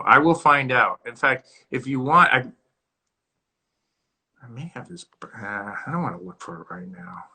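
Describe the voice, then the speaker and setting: Creaky, rambling man chatting on a livestream. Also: medium pitch, bright, forceful tone. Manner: rambling and chatty, stops to scold his barking dog. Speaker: host of his own live stream. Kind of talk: casual livestream chat. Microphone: phone.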